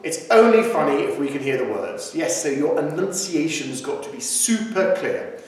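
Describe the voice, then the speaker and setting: A man with a Surrey accent runs a cheerful singalong lesson, breaking off from singing to explain the lyrics. His voice sits high and swings widely. He sounds set back from the mic in a very echoey room, with loud piano under him. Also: big pitch swings, moderate pace, distant mic. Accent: Surrey English. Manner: explains lyrics between sung lines, cheerful and chatty. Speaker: singing teacher. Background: piano accompaniment.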